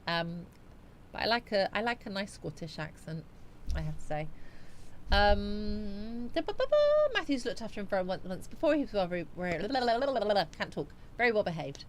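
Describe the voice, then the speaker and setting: A woman hosting a relaxed live chat stream, reading her viewers' comments and chatting back to them. Her delivery is loose and meandering, with frequent fillers and thinking out loud. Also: mid-range voice, moderate pace, slight background noise. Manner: chatty and rambling, musing aloud with frequent fillers. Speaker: livestream host.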